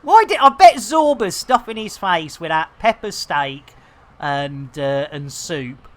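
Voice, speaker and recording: A woman's voice: on the low side, lively intonation, slow pace. A woman, chatting casually and self-mockingly while streaming a game, laughing and swearing mildly. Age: 50s. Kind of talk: casual live-stream chat.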